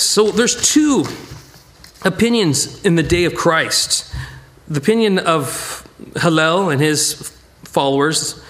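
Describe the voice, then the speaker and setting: A middle-aged man, preaching a Bible study sermon in a conversational, animated way and acting out quotes. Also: a little high. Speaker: pastor teaching a Bible study.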